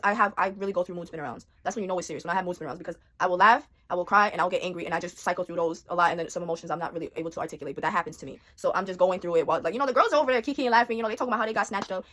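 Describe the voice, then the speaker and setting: A young woman casually telling a personal story in a vlog, rapid and animated, full of slang and quoted thoughts. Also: on the low side.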